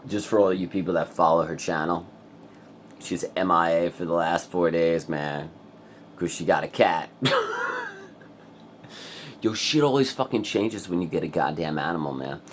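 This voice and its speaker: This vlogger speaks to camera at normal speed but pauses often, his very deep, low voice carrying a wired, restless energy. He rambles loosely, swears all the time, and keeps laughing, while a faint hiss runs underneath.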